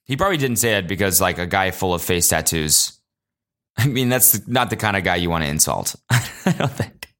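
A man's voice: sits low, lively intonation, fairly quick, fairly bright tone. A young man hosting his own podcast alone, telling rambling, profane, jokey stories and acting out quotes in exaggerated voices. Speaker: podcast host. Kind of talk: casual solo podcast monologue.

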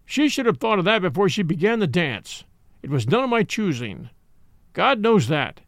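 A man's voice: sits high, very animated, normal speed, no echo, studio quality. A man voicing a sly, sneering old nobleman who mocks his captive, with a harsh barking edge. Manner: leering, sudden harsh barking tone.

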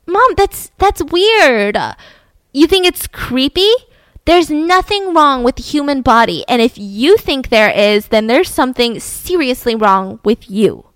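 A woman's voice: high voice, lively intonation, unhurried, a bit bright, no room sound. A woman voicing a shocked, defiant teenage girl who protests with disbelief. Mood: outraged. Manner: incredulous, protesting.

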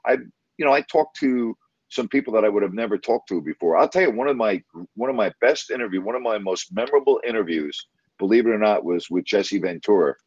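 A low-voiced man tells stories about his interviews in a loose, rambling way, full of enthusiasm and false starts. The sound is dry and slightly muffled, with a lo-fi edge and no room echo. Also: expressive, quick pace, darkish tone, slightly rough. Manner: rambling, enthusiastic, many restarts. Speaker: broadcast interviewer. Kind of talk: casual storytelling in conversation.

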